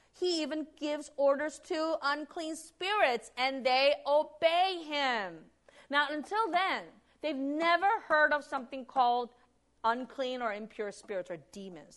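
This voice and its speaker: A woman preaching a sermon in an animated, emphatic way, with frequent restarts and acted-out quotes. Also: a little high.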